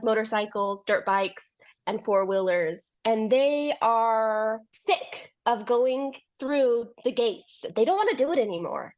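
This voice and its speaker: A young adult woman, a podcast guest, telling a long story in casual chat, laughing often and acting out what people said. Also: fairly high pitch.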